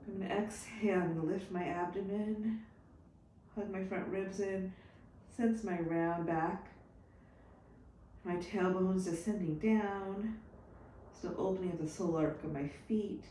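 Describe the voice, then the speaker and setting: A woman teaching a yoga class, calmly talking students through poses and breaths. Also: medium pitch, distant mic, slight background noise. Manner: calm, unhurried cueing with breath counts. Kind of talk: guided yoga instruction. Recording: very echoey room, off mic.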